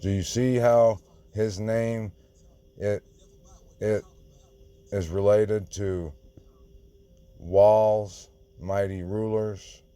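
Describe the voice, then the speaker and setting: Man, informal sermon, insistent, unhurried delivery, warm dark voice. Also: lowish voice, clean tone. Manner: insistent, confrontational, repeats himself. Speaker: online preacher.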